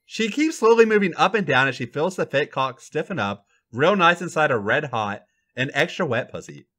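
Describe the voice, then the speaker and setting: A man hosting a podcast, reading a fan fiction story aloud with an animated, dramatic delivery. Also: a little high, normal speed.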